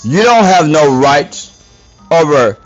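A man's voice: on the high side, lively intonation, slow. A man delivering an indignant, profane rant as a podcast host, scolding his listeners. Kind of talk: ranting monologue. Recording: dull lo-fi audio with faint music.

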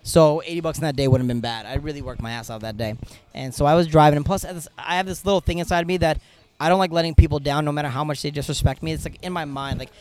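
A man tells stories on a podcast at a rapid clip, swearing freely and keeping the energy up. His voice sits a little high, and his delivery stays animated and casual. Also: clean tone. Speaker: podcast guest, comedian. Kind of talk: casual storytelling.

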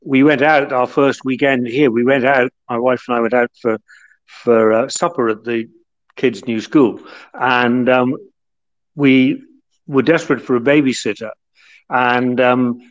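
Middle-aged guy from northern england rambling through a story, lots of ums, kinda muffled audio. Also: medium pitch. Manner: rambling with many fillers and restarts. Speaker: guest, former football club chief executive. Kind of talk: relaxed anecdotal storytelling.

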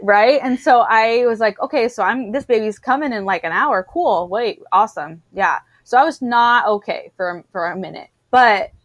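A woman in her thirties chatting casually, telling a story in an animated way and acting out what people said. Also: a little high, normal speed, few pauses, no room sound. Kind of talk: casual chat.

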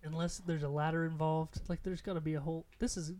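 A man's voice: a little high, flat delivery, fast talker, darkish tone. Joking male podcast host. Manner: joking, laughs often. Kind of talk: casual podcast chat.

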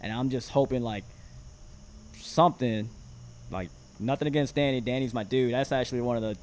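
A man's voice: mid-range voice, fairly quick, darkish tone, a little hiss or hum. Man telling stories with lots of fillers. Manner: rambling storytelling with many fillers and laughs. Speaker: guest, former reality competition contestant. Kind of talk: casual podcast chat.

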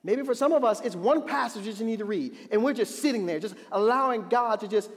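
High-voiced preaching man in a hall. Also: fairly quick. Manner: animated preaching, rising to emphatic repeated refrains. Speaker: pastor. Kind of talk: sermon. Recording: long reverb of a hall.

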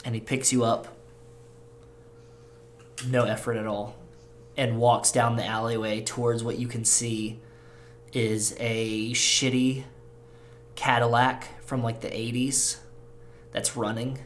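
A man as game master, narrating a tabletop role-play scene in a slow, halting, descriptive way. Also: mid-range voice, flat delivery, slight background noise.

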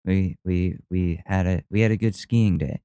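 Rambling young man, smooth low voice. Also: steady tone, normal speed, mellow, dry recording. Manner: rambling, with many fillers, restarts and casual swearing. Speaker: podcast host. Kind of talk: casual storytelling monologue. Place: at home with a cat nearby.

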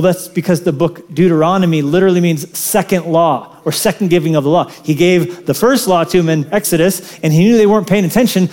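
A man preaching a sermon in an animated, conversational way, with casual asides to the congregation. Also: high voice. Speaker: pastor.

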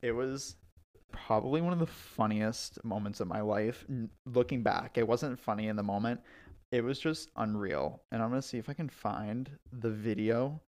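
A young man and podcast co-host telling animated stories, full of "like", into a podcast microphone. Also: mid-range voice, moderate pace. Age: young adult. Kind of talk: casual storytelling.

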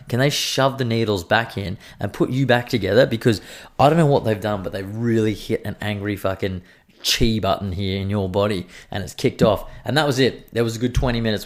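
An Australian man in his thirties, rambling through a profane, animated casual story. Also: on the low side.

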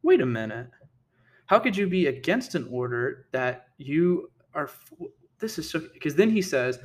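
A man's voice: fairly high pitch, sing-song, measured pace. A man giving casual opinion commentary, heated and indignant, who often stumbles over his words and repeats himself. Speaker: political commentator.

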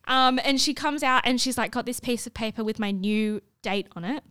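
A young Australian woman telling a story in a chatty, animated way, full of fillers. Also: a little high, moderate pace, hardly any pauses, smooth, dry recording, studio quality. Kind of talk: casual storytelling chat.

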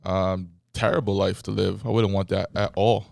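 A man's voice: low-pitched, little pitch movement, moderate pace, gravelly, darkish tone, no room sound, clean studio sound. A man hosting a casual podcast chat, playful and teasing as he puts questions to his friends. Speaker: podcast host.

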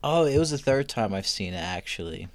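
A man's voice: fairly low pitch, sing-song, brisk. A man co-hosting a film podcast, giving brief, dry replies in casual chat. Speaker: podcast co-host.

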